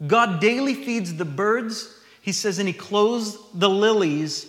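A man's voice: high-pitched, normal speed, a bit bright, reverberant, big-room sound. A man preaching a sermon, reading scripture aloud and then explaining it in a conversational way.

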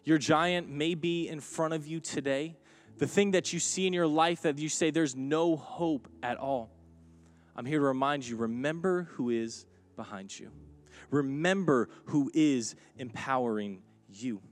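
A man's voice: on the high side, normal speed. Man preaching an emphatic sermon. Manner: building from quiet to emphatic preaching, acting out quoted lines. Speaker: pastor. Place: church sanctuary.

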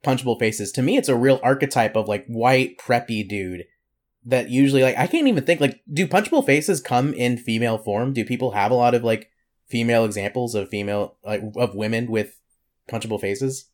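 A man's voice: mid-range voice, fairly quick. A young man co-hosting a casual comedy podcast, rambling with many fillers and frequent laughter. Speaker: podcast co-host.

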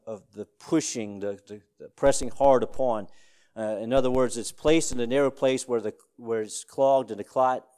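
Man preaching a Sunday school sermon. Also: medium pitch. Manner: rising to loud emphatic peaks when quoting scripture; halting with frequent restarts and fillers. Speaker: pastor.

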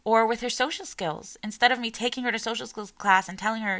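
A woman in her forties, a mother giving an earnest, heartfelt personal talk with a soft, emotional delivery. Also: fairly high pitch, quick pace, few pauses. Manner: earnest and emotional, voice softening as she tears up. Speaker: parent sharing her story.

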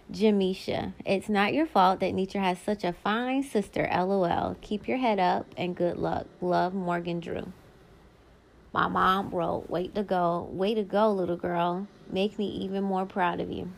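A woman's voice: on the low side, gravelly, a little hiss or hum, poor audio. A woman in her thirties hosting a podcast, reading old notes aloud in a casual way with short asides of her own. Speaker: podcast host.

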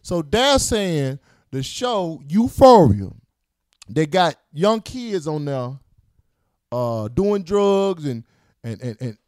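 A young man co-hosting a casual chat show, ranting loudly in a profane, joking way. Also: a little high, big pitch swings, slow, dry recording, studio quality. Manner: loud, profane, joking rants. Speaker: podcast co-host.

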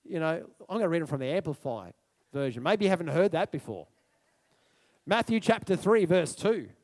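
A man preaching a sermon in a loud, excitable and emphatic way. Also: fairly high pitch, normal speed.

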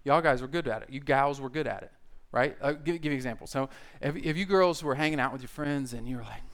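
A male pastor preaching a conversational sermon, joking and animated as he talks to the congregation. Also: medium pitch, fast.

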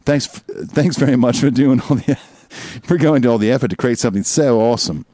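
A man's voice: medium pitch, a little fast, dark tone, dry recording, clean studio sound, close to an everyday voice. A man voicing a cheerful Australian male van driver as he reads a listener's email aloud on a podcast, slipping into laughter. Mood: amused. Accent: put-on Australian. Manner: breaking into laughter while reading.

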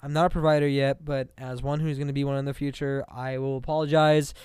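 A young adult man co-hosting a casual podcast, animated and profane, often tagging "okay?" onto his points. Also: medium pitch, fast talker, smooth, dry recording, studio quality. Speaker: podcast co-host.

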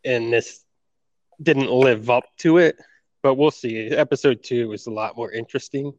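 A man's voice: medium pitch, moderate pace, a little mellow, no echo, lo-fi sound. Laid-back guy on a podcast, laughs a lot, dry close sound. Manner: easygoing, laughs often. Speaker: podcast co-host. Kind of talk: casual chat.

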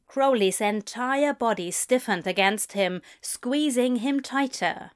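A woman narrating a fan fiction story in a soft, gentle storytelling manner. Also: on the high side, slow, few pauses, clear, resonant tone. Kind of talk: audiobook fan fiction reading.

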